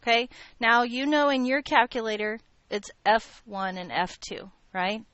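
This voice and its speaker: A woman's voice: a little high, measured pace, a bit bright, dry recording, lo-fi sound. A woman teaching a math class, joking with her students as she lectures.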